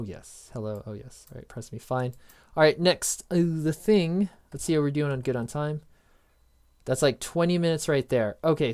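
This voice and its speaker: A man's voice: on the high side, a little mellow, clean tone. A man hosting a casual coding tutorial, rambling through notes with jokey asides and frequent self-interruptions. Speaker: programming tutorial host. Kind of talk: casual screen-recorded coding lesson.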